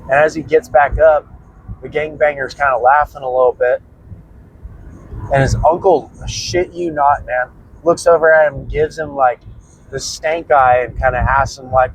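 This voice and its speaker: A man's voice: fairly high pitch, steady tone, normal speed, slight background noise, poor audio. Rambling young man telling a story. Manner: rambling, swears freely, laughs while telling. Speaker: prepping channel host. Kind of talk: casual storytelling.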